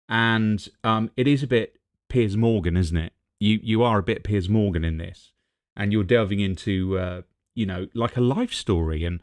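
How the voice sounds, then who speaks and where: A man's voice: fairly low pitch, dry recording, clean studio sound. A middle-aged man from Ipswich, chatting in a podcast interview, telling rambling stories and laughing often. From England (Ipswich, Suffolk). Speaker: radio presenter guest.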